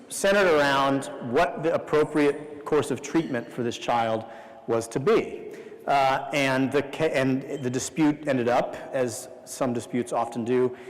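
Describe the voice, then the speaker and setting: Halting male lecturer in an echoey hall. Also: medium pitch. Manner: halting, many fillers and restarts. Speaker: guest lecturer. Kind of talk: academic lecture. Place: university lecture room. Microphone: lapel mic.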